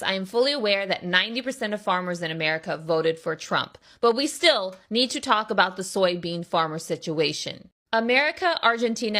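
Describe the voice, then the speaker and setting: A woman's voice: mid-range voice, bright, forceful tone. A woman earnestly explaining a political issue in a commentary video.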